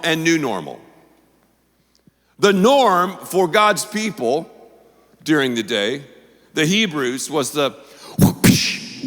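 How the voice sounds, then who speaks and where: A man's voice: a little high, fairly bright tone. A man preaching a sermon as pastor in a church, emphatic and conversational, with punchy asides. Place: church auditorium. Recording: long reverb from the hall.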